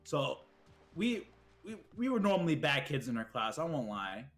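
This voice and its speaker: A young man spins rowdy stories in an animated, profane way, breaking into heated bursts. His voice sits a little on the high side. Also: normal speed, faint music behind. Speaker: streamer's friend telling stories. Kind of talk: casual storytelling chat.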